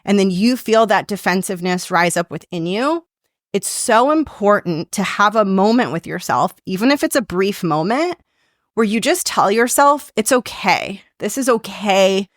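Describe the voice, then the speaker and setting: A woman's voice: medium pitch, animated, moderate pace, no echo, clean studio sound. A woman hosting a solo advice podcast, speaking in an earnest, reassuring way and acting out the self-talk she recommends. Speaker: podcast host and career coach.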